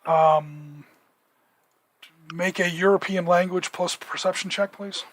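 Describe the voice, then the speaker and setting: A man running a tabletop role-playing game as game master, explaining rolls and narrating in a relaxed way with many fillers. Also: sits high, takes it slowly.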